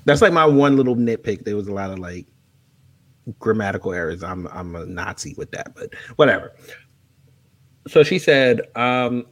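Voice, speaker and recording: A man's voice: lowish voice, lively intonation, moderate pace, fairly bright tone. A man in his thirties from New York, hosting a casual talk show, reading from a book and breaking off with teasing asides. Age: 30s. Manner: loose, joking, with teasing asides. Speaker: podcast host.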